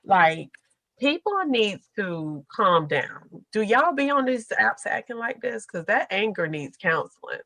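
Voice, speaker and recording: A woman's voice: mid-range voice, sing-song, measured pace, a bit bright, no room sound, rough recording. A young adult woman hosting a casual group podcast, chatty and slangy, laughing as she tells stories. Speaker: podcast host.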